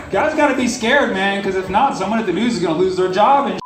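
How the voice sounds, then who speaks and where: A man's voice: high voice, fast. A male stand-up comedian doing a brash, profane set with crowd work at a comedy club. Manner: brash, profane, riffing with the audience. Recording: roomy live club with crowd noise. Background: audience laughter.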